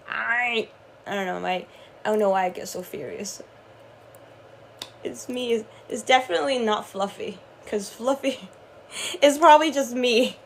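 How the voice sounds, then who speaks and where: A young woman talking casually to her viewers, drifting between soft dreamy musing and laughing, swearing frustration. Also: fairly high pitch, unhurried, vocal fry, pauses often, a little hiss or hum. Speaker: spiritual channeler vlogger.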